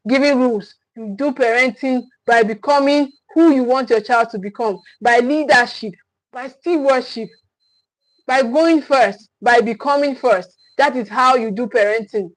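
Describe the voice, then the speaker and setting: A woman's voice: a little high, measured pace, no echo, poor audio. A woman parenting coach giving a livestream teaching talk, repeating her key phrases with emphasis and often checking in with "okay?". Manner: frequent restarts and checking "okay?".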